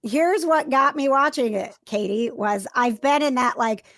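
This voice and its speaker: Gravelly-voiced woman hosting a chatty podcast. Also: high voice, fairly bright tone, no echo, studio quality. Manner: chatty, upbeat, quick to laugh. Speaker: podcast host. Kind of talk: casual podcast chat.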